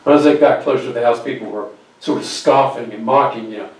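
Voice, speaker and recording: A man's voice: medium pitch, brisk. Man preaching a story in an echoey church. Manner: acts out quoted voices, drops to near whispers. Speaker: guest speaker. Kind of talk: storytelling sermon. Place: church sanctuary. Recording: very echoey church recording from far off.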